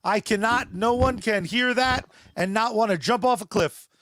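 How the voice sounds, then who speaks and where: A man with a high voice co-hosts a casual comic book podcast. He jokes around and rattles off sponsor plugs. The sound is dry and close, with no room around it. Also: a bit bright, no echo. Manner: joking, fast sponsor plugs. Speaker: podcast co-host.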